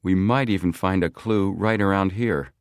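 A man voicing a blunt, quick-tempered seventeen-year-old boy, a little brighter than his narration. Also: sits low, no echo, clean studio sound, pitched above the performer's own voice. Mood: earnest.

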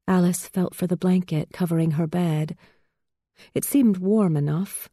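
A woman reading a storybook aloud with slow, measured delivery. Her voice is low and mellow, recorded dry and close. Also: no echo. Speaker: narrator. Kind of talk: scripted storybook narration.

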